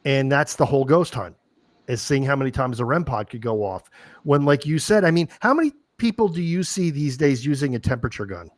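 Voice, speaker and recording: A man hosting a paranormal interview show, chatting eagerly with his guest and talking in quick bursts with restarts. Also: mid-range voice, expressive, no room sound. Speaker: host. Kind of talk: casual interview chat.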